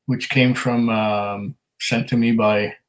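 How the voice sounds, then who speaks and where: A man's voice: medium pitch, level tone, slow, low-quality recording. A man hosting a casual whisky livestream at home, reading viewer comments aloud in an easygoing, chatty way with frequent ums and restarts.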